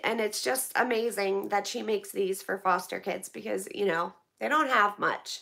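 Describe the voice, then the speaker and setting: A middle-aged woman from the United States, opening donated packages on a live stream and chatting excitedly with viewers. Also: mid-range voice, measured pace, vocal fry, few pauses.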